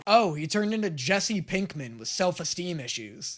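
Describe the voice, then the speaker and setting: A young man giving casual, jokey and crude anime reaction commentary, getting excitable. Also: high voice, moderate pace, very noisy. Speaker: reaction video host.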